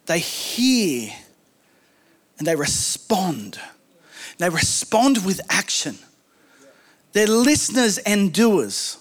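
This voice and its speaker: High-voiced man preaching. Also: slow pace, pauses often. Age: adult, married. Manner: animated storytelling with humorous asides. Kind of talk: sermon.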